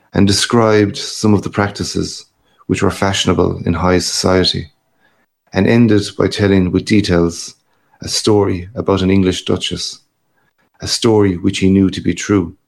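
Low-voiced male audiobook narrator. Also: level tone, normal speed, gravelly.

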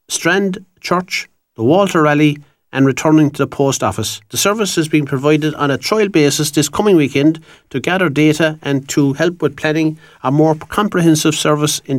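A man's voice: a little high, dry recording, clean studio sound. A man with an Irish accent presenting on local radio, reading out notices in a chatty, rambling way that loses its thread at times. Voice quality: chatty, rambling, loses his train of thought. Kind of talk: casual radio announcements and sign-off. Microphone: studio microphone.

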